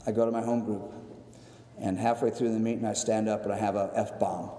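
A man telling his recovery story to a meeting, animated and acting out the voices of others, swinging between excitement and somber reflection. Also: lowish voice, moderate pace. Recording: echoey hall, long reverb.

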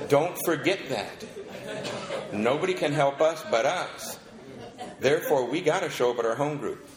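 A man telling a lively story at a recovery meeting and acting out the people in it. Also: a little high, moderate pace, roomy sound, a crowd in the background. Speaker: speaker sharing his story at a recovery meeting.

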